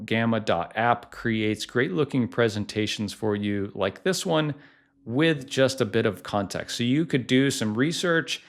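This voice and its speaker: A middle-aged man hosting a casual tutorial vlog, talking in a chatty way full of "like" and "uh". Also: on the low side. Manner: chatty, lots of "like" and "uh" fillers. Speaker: tech YouTuber, podcasting company founder.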